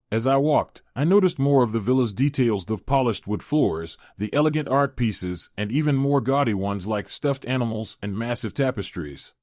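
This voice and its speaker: Male narrator, steady first-person storytelling, mid pitch, dry. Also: dry recording.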